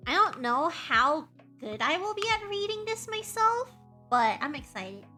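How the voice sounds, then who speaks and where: Woman streamer, high and bouncy, chatty and self-mocking, greets chat, playful noises. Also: big pitch swings, unhurried, bright, forceful tone, soft background music. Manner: playful, hums and makes silly noises. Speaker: VTuber game streamer. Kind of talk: casual live-stream chat.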